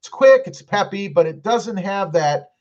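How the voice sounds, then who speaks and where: A man's voice: high voice, expressive, a little slow, a little mellow, lo-fi sound. A middle-aged man hosting a casual live stream, reading viewer comments aloud and answering them with jokes. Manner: chatty, jokey, reads comments aloud. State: clearing his throat.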